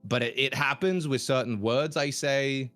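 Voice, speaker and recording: A man's voice: mid-range voice, normal speed, a bit bright, faint music behind. Chatty man with a mixed Australian accent. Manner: chatty, stammers and restarts, laughs easily. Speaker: guest content creator. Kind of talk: casual chat.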